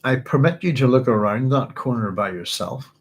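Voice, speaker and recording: A man's voice: medium pitch, expressive, normal speed, lightly acted. A man voicing an angry young oracle priestess, snapping and scornful, as he reads from a novel aloud. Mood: snarling.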